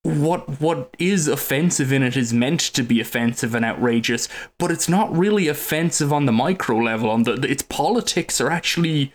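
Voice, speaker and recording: A man with a middle-pitched voice talks over a film on a podcast in casual chat. He thinks aloud as he goes, stopping and restarting his sentences. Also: expressive, moderate pace, hardly any pauses. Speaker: podcast co-host.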